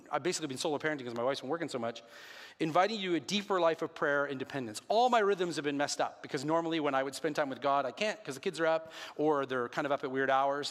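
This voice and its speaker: A pastor in his thirties, whose voice is a little high and fairly bright, gives an earnest, conversational sermon with self-deprecating asides. The recording, made in a church sanctuary, has long hall reverb.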